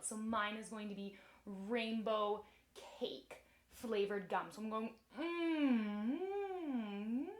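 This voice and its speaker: A young woman teaching children music warm-ups and a magic trick in a cheerful, slow, encouraging way, recorded indoors on a camera mic. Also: medium pitch. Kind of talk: children's lesson.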